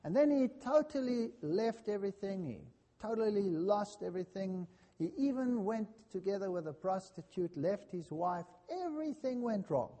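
A man preaching a sermon, telling a personal story in an earnest, dramatic way that swings between loud and hushed. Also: high-pitched, expressive, normal speed, few pauses, in a large hall.

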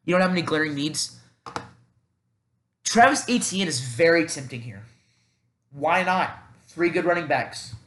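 A man's voice: on the high side, animated, measured pace, long pauses, a bit bright, roomy sound. A man hosting a casual solo podcast, thinking aloud in a rambling, self-deprecating way with many fillers. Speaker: podcast host.

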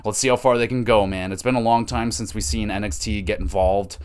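A man's voice: fairly low pitch, fairly even intonation, a little fast, clean tone. A young man hosting a podcast, giving a casual, profanity-laced, opinionated recap of a wrestling show. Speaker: podcast host.

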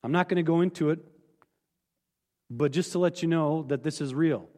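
Brief: male pastor, high animated delivery, earnest and blunt, echoey sanctuary. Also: moderate pace. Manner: earnest, candid, emphatic, with sudden drops to quiet. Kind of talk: sermon. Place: church sanctuary.

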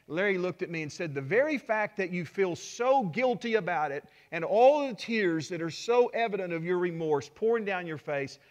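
A middle-aged man with a notably high voice delivers a sermon. He speaks earnestly, mixing personal stories with rising, emphatic appeals to his listeners. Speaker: pastor.

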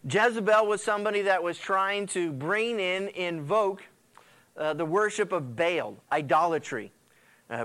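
Animated preacher with a smooth, fairly high voice. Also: male voice. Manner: animated storytelling preacher, acts out quotes. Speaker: pastor. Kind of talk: sermon.

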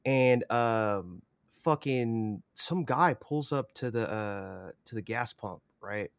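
A man's voice: medium pitch, animated, slow pace, vocal fry, no room sound, clean studio sound. A young man, a podcast guest, telling a rambling story in casual chat, full of swearing and fillers.

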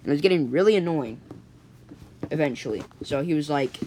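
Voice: medium pitch, expressive, fairly quick, long pauses, mellow, slight background noise. A storyteller telling an improvised story in a casual, rambling way, full of fillers and restarts.

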